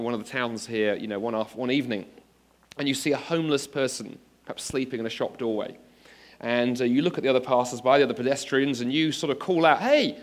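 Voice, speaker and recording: A man giving an earnest apologetics talk to an audience, addressing listeners directly with examples and rising to emphatic exclamations. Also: medium pitch. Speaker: preacher. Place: speaking to an audience of students.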